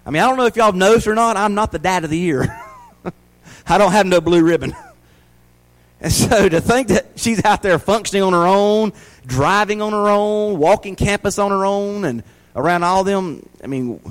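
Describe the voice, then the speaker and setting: High-voiced Southern preacher man. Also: normal speed, low-quality recording. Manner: folksy, down-home preaching with rhetorical questions. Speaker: pastor. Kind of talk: sermon.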